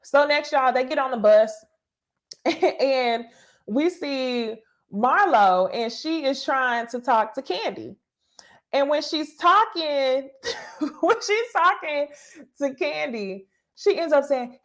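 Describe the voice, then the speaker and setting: A woman talks straight to her viewers in a casual recap of reality TV. Her voice sits a little high. She is animated and profane, and she tosses in laughing asides. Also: slow.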